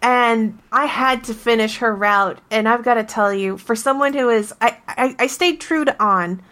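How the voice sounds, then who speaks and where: Woman co-host, animated podcast storytelling. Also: fairly high pitch. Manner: animated, emphatic storytelling with quick restarts. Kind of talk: casual game discussion.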